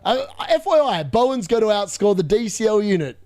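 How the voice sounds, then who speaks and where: A young man hosting a live fantasy football watchalong, chatty and excitable as he reacts to scores. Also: high-pitched, brisk, no room sound. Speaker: fantasy football livestream host.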